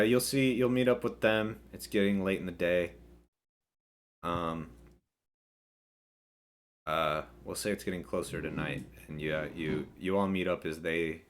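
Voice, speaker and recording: A man narrating as game master of a tabletop role-playing game, talking casually with frequent fillers and restarts. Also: low-pitched.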